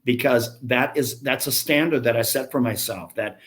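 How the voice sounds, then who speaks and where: A man's voice: mid-range voice, moderate pace, a bit bright. Fifties guy, podcast guest, blunt and chatty, pokes fun at himself. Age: 50s. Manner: blunt, chatty, self-deprecating storyteller. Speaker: gym franchise founder, guest. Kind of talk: casual podcast interview.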